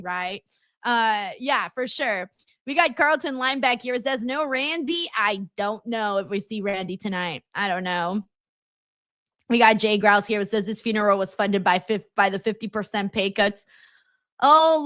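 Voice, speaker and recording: Bright-voiced, laughing woman streamer. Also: fairly high pitch, no echo, studio quality. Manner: laughs often, swears freely, animated and chatty. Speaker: streamer hosting a wrestling watchalong. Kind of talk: casual chat reacting to a live show and reading comments.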